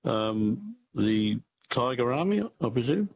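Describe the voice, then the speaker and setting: A husky-voiced Australian man phoning in to a quiz, still getting over a cold. His delivery is hesitant and full of chuckles, and his pitch rises and falls freely. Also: big pitch swings, slow pace, no echo, lo-fi sound. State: recovering from a cold. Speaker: caller. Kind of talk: phone-in chat.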